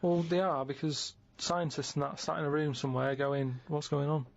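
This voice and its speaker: A man who is a regular on a radio comedy show, asking blunt, puzzled questions in a deadpan way. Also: a little high, normal speed, creaky, no room sound. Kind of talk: casual chat. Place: radio studio. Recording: dry, dull lo-fi radio recording.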